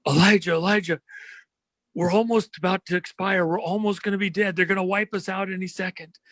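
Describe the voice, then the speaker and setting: A man's voice: high-pitched, steady tone, a little fast, fairly bright tone, dry recording, pitched above the performer's own voice. A man voicing a terrified young male servant who pleads frantically and repeats himself. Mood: panicked.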